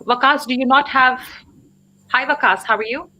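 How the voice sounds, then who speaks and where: A woman's voice: high voice, moderate pace, bright, forceful tone, poor audio. A woman teacher hosting a live online English lesson, explaining in a chatty way and checking in with her listeners.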